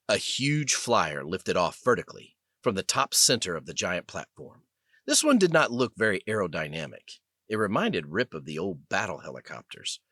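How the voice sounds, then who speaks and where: Guy reading an audiobook, really lively up and down, dry close studio sound. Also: low-pitched, no room sound. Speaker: audiobook narrator. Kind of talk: scripted narration.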